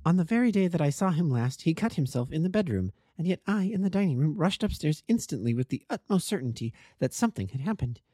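A man's voice: a little high, very animated, fast, hardly any pauses, warm tone, slightly rough, no room sound, clean studio sound, pitched above the performer's own voice. A man voicing a distraught, devoted young wife in an audiobook reading, with an intense, pleading manner. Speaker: amateur narrator.

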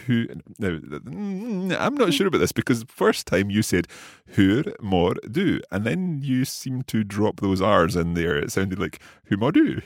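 Lowish and full of big pitch swings, the host's voice moves at normal speed with hardly any pauses. He's a middle-aged learner running a scripted language-lesson podcast, curious, good-humoured and asking lots of questions, recorded cleanly in a studio without echo.

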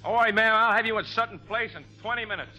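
An actor playing a brusque, money-minded New cab driver in a 1950s radio drama. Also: male voice, high-pitched, fast talker, close to an everyday voice, rough recording. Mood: gruff, cynical. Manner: brusque, streetwise, blunt. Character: gruff New York cab driver, grasping and cynical. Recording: old radio broadcast.

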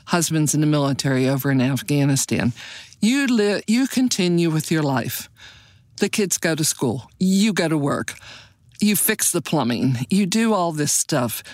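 An older woman, a detective's wife, telling personal memories with lively leaps in pitch. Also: no room sound. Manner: animated, pitch leaps on emphasis. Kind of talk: personal recollection.

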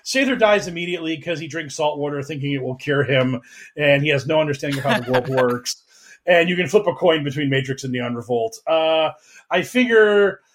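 Animated, mocking podcast host, fairly high voice. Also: male voice. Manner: animated, mocking, does quick voices for other people. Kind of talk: casual chat.

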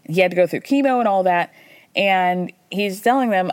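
A woman in her thirties recapping reality TV in a casual, animated storytelling way, quoting people as she goes. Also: lowish voice, moderate pace, smooth, no room sound. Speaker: podcast host recapping reality TV.

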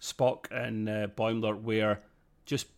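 A man co-hosting a podcast, reviewing a TV episode in lively casual chat, laughing often. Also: on the low side, takes it slowly. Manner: animated, laughs often, slips into mimicry. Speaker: podcast co-host.

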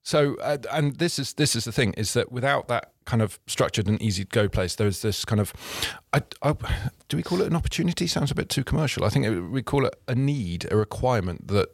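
A man's voice: mid-range voice, animated, a little fast, few pauses, no echo, clean studio sound. A man hosting a podcast in casual chat, rambling with frequent restarts and laughs. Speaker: podcast host.

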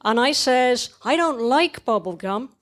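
A woman's voice: on the high side, expressive, unhurried, a bit bright, voice pushed up. A woman reading aloud in the voice of a small, anxious, put-upon girl, her tone plaintive. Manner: plaintive, rising into upset. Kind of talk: reading a cartoon monologue aloud.

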